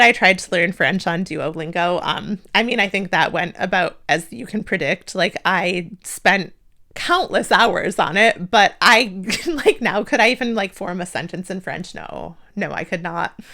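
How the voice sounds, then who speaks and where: Her voice sits at medium pitch with a fairly bright tone and some vocal fry. She's a young American vlogger talking to the camera casually, poking fun at herself, laughing often and filling gaps with "like."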